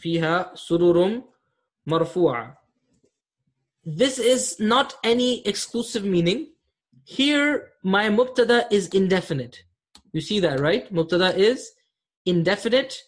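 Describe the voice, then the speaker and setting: A man's voice: high voice, animated, unhurried. A man teaching an online Arabic grammar class, explaining patiently and often checking that students follow.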